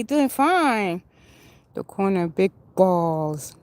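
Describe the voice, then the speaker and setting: A woman's voice: fairly high pitch, lively intonation, slow pace, long pauses, dry recording. A middle-aged woman hosting a rambling livestream outdoors, chatting to viewers by name and jumping between opinions as she walks city streets. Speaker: livestream host. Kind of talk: rambling livestream chat while walking.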